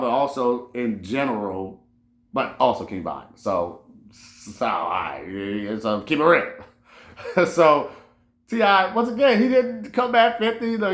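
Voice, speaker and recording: New dude ranting casual, cussing, lots of restarts, mid pitch, echoey room. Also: male voice. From New Orleans. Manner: animated, profane, rambling with restarts. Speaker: host. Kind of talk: casual commentary monologue.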